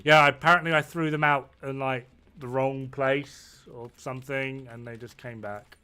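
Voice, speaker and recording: A man's voice: mid-range voice, steady tone, moderate pace, pushed and bright, clean tone. A man in his thirties in casual gaming chat, blunt, sweary and rambling. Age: 30s. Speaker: player.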